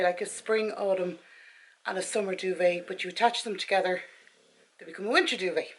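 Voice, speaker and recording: A woman in her forties with an Irish accent, chatting to camera in her bedroom at night, out of breath and tired, rambling and correcting herself as she goes. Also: mid-range voice. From Ireland. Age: 40s. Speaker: vlogger. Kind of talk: casual chat to camera.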